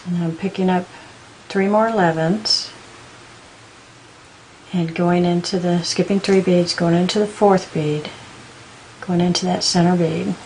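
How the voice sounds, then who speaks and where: A woman giving a patient step-by-step beading tutorial, counting out beads slowly as she works. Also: on the low side, steady tone, darkish tone, slight background noise, rough recording. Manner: patient, counts beads aloud in slow steps. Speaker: beading instructor.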